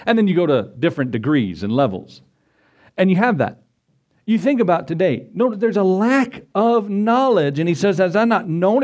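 Man, pastor, sermon, folksy storytelling, slightly high voice. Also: darkish tone. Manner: folksy preaching with acted-out quotes and stories.

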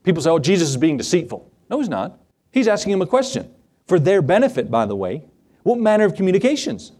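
A middle-aged man preaching a sermon as pastor, animated and acting out Bible scenes in different voices. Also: high-pitched, fast.

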